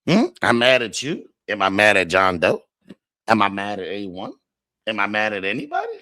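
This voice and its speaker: A man's voice: fairly low pitch, huge pitch swings, moderate pace, dry recording, clean studio sound. Man ranting profanely on a livestream. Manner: profane, mocking, swings loud and quiet. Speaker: livestream host. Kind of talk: heated livestream rant.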